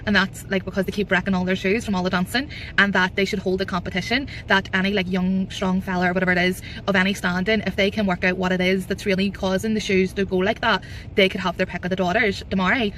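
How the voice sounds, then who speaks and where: A young woman, chatting casually in a reading vlog, rambling through a plot recap with lots of quick quoted dialogue. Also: medium pitch, little pitch movement, fairly bright tone, slight background noise. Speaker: book vlogger. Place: partly in a car.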